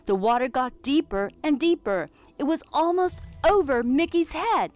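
A woman reading a children's storybook aloud in an expressive, clearly enunciated way. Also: high voice, moderate pace. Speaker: storybook reader.

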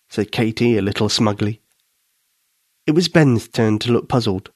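A man's voice: lowish voice, moderate pace, no echo, clean studio sound. A man narrating a children's bedtime story and hosting a podcast, in a soothing voice.

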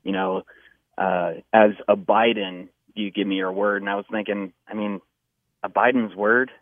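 A man calling in to a radio talk show with a relaxed, wry joke. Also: on the low side, normal speed, no room sound. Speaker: caller. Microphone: telephone. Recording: tinny, dry phone line.

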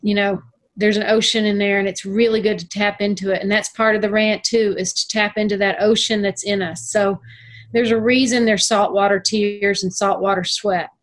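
A middle-aged woman talks in relaxed conversation, earnest and emphatic. She stretches out key words for emphasis, and her voice sits in an ordinary middle range for a woman. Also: medium pitch, normal speed. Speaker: guest. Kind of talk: casual conversation.

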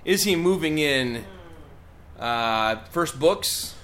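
A man's voice: on the high side, expressive, drawn-out words, fairly bright tone, a little hiss or hum. A man co-hosting a comedic talk show, joking and egging on his partner. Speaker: podcast co-host. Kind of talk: comedic banter.

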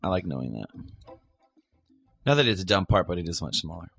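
A man co-hosting a casual fan podcast, excitable and quick to mimic silly voices. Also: low-pitched, vocal fry, husky, soft background music. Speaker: podcast co-host. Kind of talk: casual chat.

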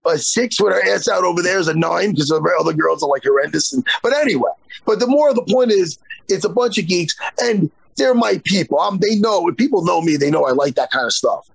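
A man's voice: high-pitched, expressive, a little fast, vocal fry, husky, no echo. A man in his forties, a jiu-jitsu instructor, telling a story in casual podcast chat and swearing freely. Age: 40s.

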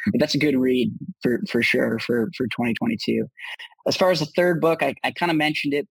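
A man's voice: mid-range voice, gravelly, breathy edge, dry recording, poor audio. A man, a startup founder being interviewed, answering in an upbeat casual way with many restarts and fillers.

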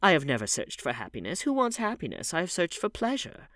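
A man voicing a charming, pleasure-seeking young gentleman in an audiobook, smooth and flattering. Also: a little high, fairly quick, no room sound, clean studio sound, voice pushed up. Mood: flippant.

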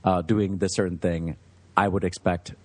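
A man's voice: low-pitched, flat delivery, moderate pace, no echo. A man who runs a restaurant, chatting animatedly in a podcast interview, a German native speaker telling stories and laughing easily. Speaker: restaurant owner.

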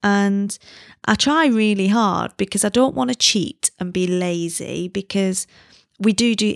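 A woman's voice: mid-range voice, gravelly, no room sound, studio quality. A British woman hosting a podcast, chatting casually in a self-deprecating way and laughing at herself now and then. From Britain. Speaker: podcast host. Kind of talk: casual chat.

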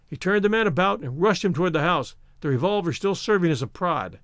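A man reads a novel aloud in a steady audiobook narration. His voice is high for a man and very lively in pitch. The recording is dry and close. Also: fairly quick, few pauses, dry recording.

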